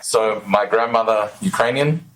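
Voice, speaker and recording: A man's voice: lowish voice, a little slow, a bit bright, slight background noise, rough recording. A man with an Australian accent hosting a podcast, bantering and laughing often. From Australia, also New Zealand and Los Angeles. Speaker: podcast host. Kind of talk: casual interview chat.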